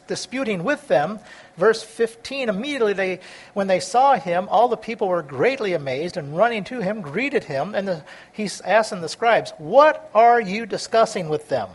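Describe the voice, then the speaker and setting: A man preaching a sermon, reading scripture aloud and explaining it, stumbling over words at times and swinging between loud and soft delivery. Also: sits high.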